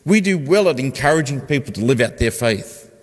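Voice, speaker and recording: A man's voice: medium pitch, lively intonation, brisk, slightly rough. A man, a pastor preaching a conversational sermon and putting questions to his congregation. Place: church. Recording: long church reverb.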